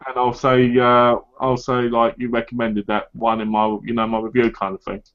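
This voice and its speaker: A man's voice: mid-range voice, completely flat delivery, moderate pace, fairly bright tone, dull audio. A man hosting a casual live chat over an online call, easygoing and brief. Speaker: host of a live chat show.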